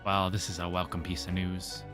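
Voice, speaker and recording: Game villager with a hammy put-on accent, done by a man gamer, low music bed. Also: flat delivery, normal speed, lightly acted. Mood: relieved. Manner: put-on accent, old-fashioned phrasing.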